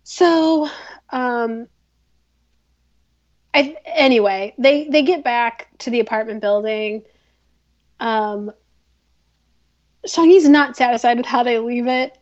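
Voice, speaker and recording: A woman's voice: a little high, takes it slowly, pauses often, lo-fi sound. A woman hosting a podcast, recapping a drama in a chatty, filler-heavy way. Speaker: podcast host. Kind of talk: casual drama recap chat.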